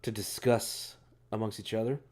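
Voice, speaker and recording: A laid-back man co-hosts a casual chat with a lowish voice. He talks in an easygoing way, swearing casually and laughing often. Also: fairly even intonation, normal speed, a little mellow. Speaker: co-host.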